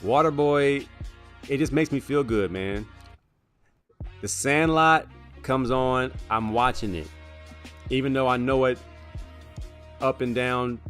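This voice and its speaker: A man co-hosting a sports show, talking through favorite movies in a casual, animated way and tacking "man" onto lines. Music plays faintly underneath. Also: medium pitch. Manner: animated, drawn-out "man" asides.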